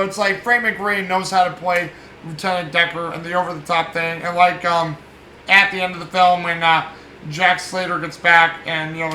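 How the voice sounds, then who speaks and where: High, bright man reviewing a film. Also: roomy sound, a little hiss or hum, rough recording. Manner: rambling and chuckling, many fillers and restarts. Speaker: film podcast host.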